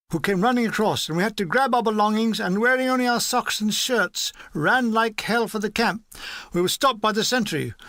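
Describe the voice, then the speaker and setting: A man narrating a comic memoir aloud in a dry, deadpan delivery. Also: sits high, no room sound. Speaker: audiobook narrator.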